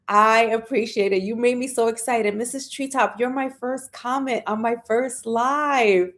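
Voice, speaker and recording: A woman hosting a casual live stream, chatting and greeting viewers by name, with sudden high squeals of excitement. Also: measured pace.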